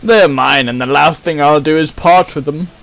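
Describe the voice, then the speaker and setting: A man's voice: a little high, moderate pace, gravelly. A man voicing a posh, grumpy male noble who snaps at intruders in a haughty manner. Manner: haughty, snapping, shouty.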